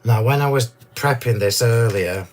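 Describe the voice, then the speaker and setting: Hoarse, gushing craft-demo man. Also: medium pitch, moderate pace, soft background music. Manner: chatty, gushing, enthusiastic. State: hoarse, losing his voice. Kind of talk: live card-making demonstration.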